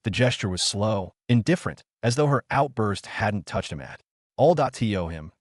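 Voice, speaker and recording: A fantasy story is narrated by a man whose delivery is steady and even, as befits an audiobook narrator. He speaks fairly low at a moderate pace, and the recording is dry and studio-clean.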